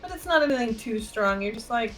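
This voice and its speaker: A woman narrating a tabletop role-playing game as game master, playful and quick to laugh. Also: a little high, lively intonation, fairly bright tone, faint music behind.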